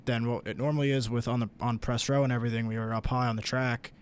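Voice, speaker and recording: Flat-voiced young college sports director. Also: male voice, medium pitch, a little hiss or hum. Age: young adult. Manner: even, measured, hesitant fillers. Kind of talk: casual radio chat. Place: college radio studio.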